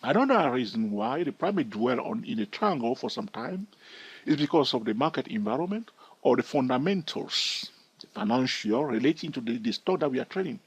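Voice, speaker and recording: A man walking students through a chart lesson, his voice a little husky and rising and falling a lot as he explains. He keeps stopping to check in with "all right?" The sound is dry and close, with no room echo. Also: mid-range voice, sing-song, fairly quick. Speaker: trading educator. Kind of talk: chart-walkthrough teaching.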